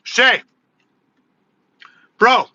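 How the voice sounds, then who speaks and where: A man hosting his own livestream, chatting loosely and excitedly with viewers, full of "dude" and "bro". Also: drawn-out words, highs cut off. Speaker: livestream host. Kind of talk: casual livestream chat.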